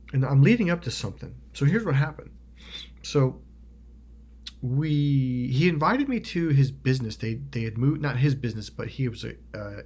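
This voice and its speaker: A man's voice: medium pitch, breathy edge. A man telling a personal story in a rambling monologue, restarting often, swearing casually and acting out what others said. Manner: acts out quoted voices loudly. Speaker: motivational video host.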